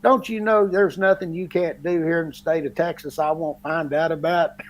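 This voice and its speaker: A man quoting his father, a blunt older electrical inspector, in a teasing, gravelly retelling. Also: on the high side, fairly even intonation, moderate pace, voice pushed up, natural voice.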